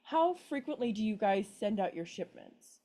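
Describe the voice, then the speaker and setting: A woman's voice: mid-range voice, sing-song, moderate pace, dark tone. A woman playing a tabletop role-play game, speaking hesitantly with apologetic restarts. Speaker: player.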